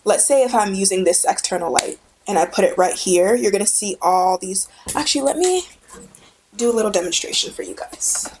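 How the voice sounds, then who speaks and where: A young woman speaking straight to the camera in a friendly, easygoing tutorial voice. She sits at a middle pitch and talks in a chatty, upbeat way, stressing her points by repeating them. It sounds like a casual indoor vlog recorded on the camera's own mic. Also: brisk, hardly any pauses, darkish tone, a little hiss or hum. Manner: chatty, enthusiastic, emphatic repetition. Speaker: photography tutorial host. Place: indoors with a studio light.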